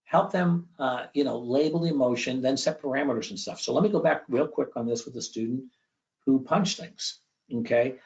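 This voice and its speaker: A man giving an educational presentation with slides, conversational and often checking in with a quick "okay?". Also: medium pitch, vocal fry, darkish tone. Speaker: education speaker. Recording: dull lo-fi recording.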